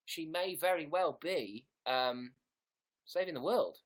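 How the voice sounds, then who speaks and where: A man's voice: fairly high pitch, expressive, slow pace. A young British man chatting sarcastically on a livestream from his bedroom, playing a mock diva. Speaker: livestream host. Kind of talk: casual livestream chat.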